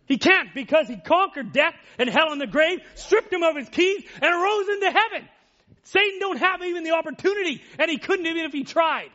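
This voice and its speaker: A male preacher delivering an emotional sermon, swinging from loud exclamations to hushed near-whispers. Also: very high-pitched, lively intonation, brisk, lo-fi sound.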